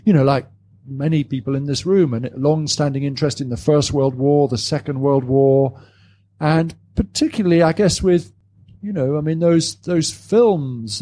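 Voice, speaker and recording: A man from Britain, guest at a live audience event, with a somewhat high but mellow, dark voice. He talks casually and thinks aloud, often repeating words and correcting himself. The delivery is conversational and meandering. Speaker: author guest. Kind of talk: casual conversation about his book.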